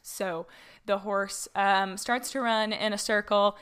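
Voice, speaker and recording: A woman's voice: mid-range voice, fairly even intonation, slow, a bit bright, clear, resonant tone. A young woman hosting a casual solo podcast, talking in a chatty way with frequent fillers and laughs, recorded on her own mic in a house. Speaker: podcast host. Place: borrowed house, slightly echoey room.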